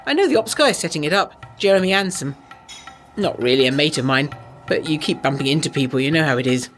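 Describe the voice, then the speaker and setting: A woman doing a smug young RAF officer who chats in a casual, dismissive way and loves to tease. His pitch swings up and down a lot. He is a figure in an audio drama. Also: expressive, a little fast, a bit bright, faint music behind. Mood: offhand. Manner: offhand, dismissive, teasing.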